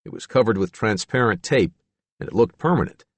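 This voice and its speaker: A man narrating an audiobook in an expressive, measured way. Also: fairly low pitch, dry recording.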